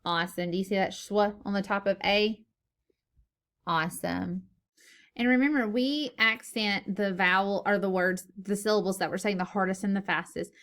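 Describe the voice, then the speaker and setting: A woman teacher leading a phonics lesson for young children, slow and encouraging, sounding out words syllable by syllable. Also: medium pitch, steady tone, a bit bright. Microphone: recorded lesson video.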